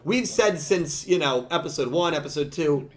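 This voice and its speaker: A man's voice: on the high side, lively intonation, moderate pace. A man hosting a podcast, talking emphatically and with animation in a casual discussion with cohosts. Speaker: podcast host. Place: studio room with cohosts.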